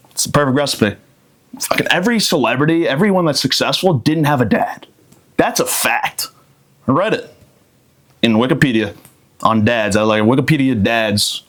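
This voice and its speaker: Casting: a man with an average-pitched voice, crude and cocky deadpan comic monologue. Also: fairly quick, pauses often. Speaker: podcast host. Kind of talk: comedic monologue.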